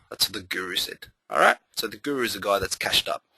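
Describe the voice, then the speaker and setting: A man running a live trading webinar, talking with bright, forceful energy. He drives his points home by repeating phrases in a motivational rush. The sound is close and dry, with almost no room around it. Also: fairly low pitch, quick pace, gravelly, husky, dry recording, rough recording.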